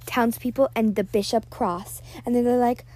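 A woman's voice: on the high side, fairly even intonation, normal speed, dark tone. A teenage girl hosting a podcast, rambling casually, full of "like" and self-deprecating asides, on a built-in device mic. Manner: chatty, filler-heavy, self-deprecating. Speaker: podcast host.

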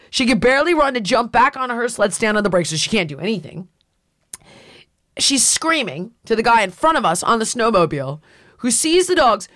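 A woman's voice: a little high, no room sound. A middle-aged woman tells a story in loose, casual chat. She jumps into the voices of the people in her story, and her sound is dry, with no room. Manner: animated storyteller, acts out quotes. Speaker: podcast host.

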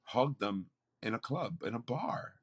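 A man's voice: medium pitch, sing-song, unhurried, breathy edge. A man, a campus pastor, telling a faith story in an interview with an earnest, preacherly delivery. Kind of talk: interview testimony.

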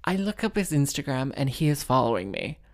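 A woman's voice: rumbling low, big pitch swings, a little fast. A young woman hosting a podcast, telling stories in a rambling, self-mocking, tangent-hopping way. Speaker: podcast host. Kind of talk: casual comedic storytelling.

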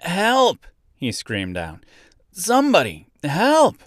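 A man's voice: fairly low pitch, wildly swooping pitch, takes it slowly, fairly bright tone, no echo, studio quality, full character voice. A man voicing an anxious male scarecrow made of straw, talking in a strained, panicky way in a storybook reading. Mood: panicked.

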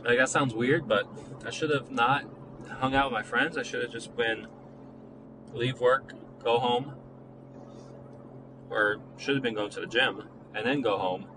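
A man's voice: medium pitch, a little slow, pauses often, noisy background. A young man casually retelling a personal story, rambling with lots of fillers and criticizing himself.

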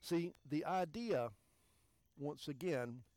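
A man preaching a sermon as pastor. He talks emphatically, repeats key phrases and swings from loud to hushed. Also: fairly high pitch, slow, dry recording.

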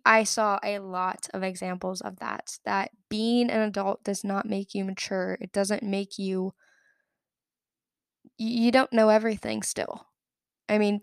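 A woman's voice: medium pitch, clear, resonant tone, dry recording, studio quality. A young adult woman hosting a solo podcast, telling a story in a chatty, opinionated way full of filler words. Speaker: podcast host. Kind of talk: casual solo podcast chat.

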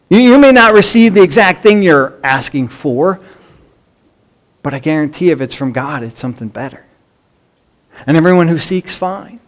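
High-voiced animated male preacher. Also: moderate pace, pauses often. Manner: animated storytelling, acts out pleading children in a raised voice. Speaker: pastor. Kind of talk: sermon.

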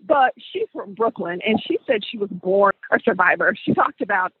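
A man's voice: high-pitched, expressive, moderate pace, slightly rough, dry recording. A man hosting a podcast, telling a story in a conversational way and repeating phrases for emphasis. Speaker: podcast host. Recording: dry, phone-like sound.

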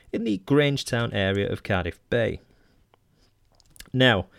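A man talks through old magazine clippings on his own podcast, stopping for ums, restarts and wry asides between the read passages. His voice sits at an ordinary middle pitch for a man. The recording is dry and close, with no room sound around it. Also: no room sound. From Manchester, England. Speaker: podcast host. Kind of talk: casual solo podcast reading old magazine articles aloud.

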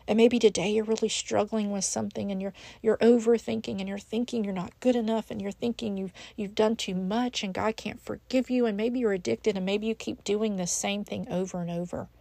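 A woman's voice: mid-range voice, fairly even intonation, fairly quick, gravelly, few pauses, dark tone, no room sound. A woman hosting a devotional podcast, speaking earnestly and encouragingly to the listener as a friend. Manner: frequent restarts and fillers. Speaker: podcast host.

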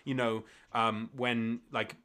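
A man's voice: medium pitch, little pitch movement, slow, bright, forceful tone. A man narrating as game master in a tabletop role-playing game, rambling with many fillers.

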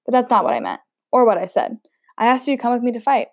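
A woman's voice: on the high side, sing-song, quick pace, vocal fry, no echo, clean studio sound. A woman reading aloud, voicing a scruffy, wiry young man who is a blunt, teasing ex-prisoner in a storybook.

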